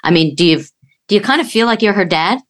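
A woman's voice: mid-range voice, lively intonation, quick pace. A woman co-hosting a podcast, asking the guest a personal question in a casual interview. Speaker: podcast co-host.

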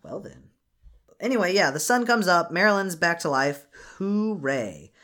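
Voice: mid-range voice, animated, moderate pace, pushed and bright. A podcast host casually recapping a cartoon movie in a wry, sarcastic way.

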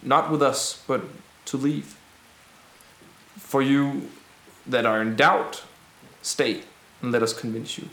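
In an echoey room, a mid-range male voice plays a rebel leader in a tabletop game, speaking slowly and deliberately to scared townsfolk. He sounds earnest and reassuring, and every word is clear.

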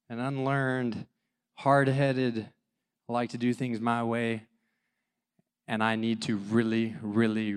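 Guy in his 30s telling a dad story, smooth clear voice, jokey and animated. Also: medium pitch. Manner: animated, self-mocking, acts out dialogue. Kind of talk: personal storytelling testimony.

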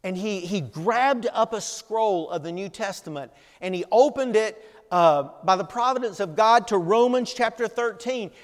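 Earnest older preacher in a reverberant hall. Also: male voice, high-pitched, expressive. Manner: earnest, emphatic preaching with repeated words and pauses. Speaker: pastor. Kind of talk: sermon.

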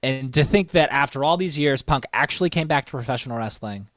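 A man's voice: mid-range voice, animated, a little fast, fairly bright tone, no echo. A man co-hosting a casual wrestling chat, telling stories with enthusiasm as he counts down a list. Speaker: wrestling podcast co-host.

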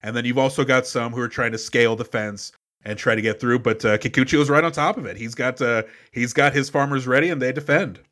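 A man's voice: mid-range voice, brisk, a bit bright. Enthusiastic man recapping a film. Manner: enthusiastic, profane storyteller. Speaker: podcast co-host. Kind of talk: casual movie recap chat.

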